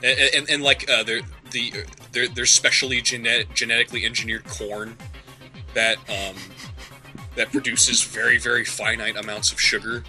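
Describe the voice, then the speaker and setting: Bright-voiced rambling male podcast co-host. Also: medium pitch, flat delivery, moderate pace. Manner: rambling, full of restarts, riffing on absurd ideas. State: throat still congested from being sick. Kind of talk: casual comedic chat. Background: faint music bed.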